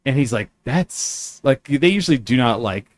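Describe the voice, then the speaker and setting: Male podcast host, lively chatty storyteller, mid-pitched, easygoing. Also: fast talker. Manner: animated storyteller, many fillers and restarts. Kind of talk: casual chat.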